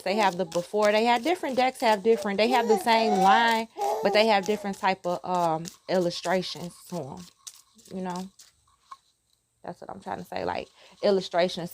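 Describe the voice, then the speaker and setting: A woman chatting casually to her viewers about a tarot deck. She rambles, laughs often and breaks off to talk to her child. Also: medium pitch. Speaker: tarot vlogger. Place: outdoors. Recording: noisy outdoor recording.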